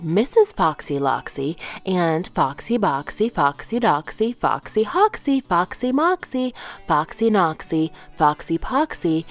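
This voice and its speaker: A woman reading a children's picture book aloud, gentle and expressive. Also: fairly low pitch. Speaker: children's storyteller. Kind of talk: read-aloud storytime narration.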